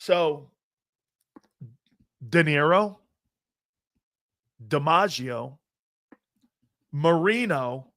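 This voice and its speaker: A middle-aged man hosting a sports talk show, telling stories in a chatty, rambling way, laughing at himself and jumping between low mutters and loud exclamations. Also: lively intonation, drawn-out words, long pauses. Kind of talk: casual storytelling talk.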